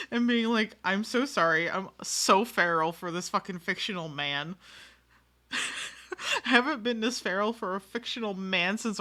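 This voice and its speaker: Game streamer, bright tense voice, giggly, rambling, swears a lot, casual live-stream chat. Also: medium pitch. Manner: giggly, rambling, swears freely, self-mocking.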